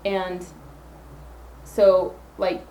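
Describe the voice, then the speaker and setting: A woman's voice: lowish voice, monotone, extremely slow, dark tone, echoey room, muffled recording, slight background noise. A woman hosting her own podcast alone, talking earnestly into her phone and rambling through self-affirmations. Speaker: podcast host. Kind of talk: solo podcast monologue.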